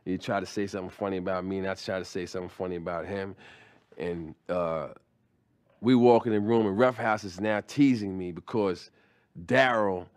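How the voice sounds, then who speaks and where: A man's voice: low-pitched, fairly even intonation, normal speed. A middle-aged man doing stand-up, telling a story in a loose, conversational way with slang and restarts. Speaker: stand-up comedian.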